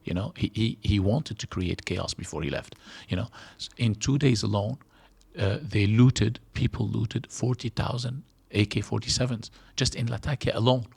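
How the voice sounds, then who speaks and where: A man from Syria, a guest in a studio interview, who talks haltingly with many restarts and fillers. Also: lowish voice, gravelly, a little mellow, husky, no room sound.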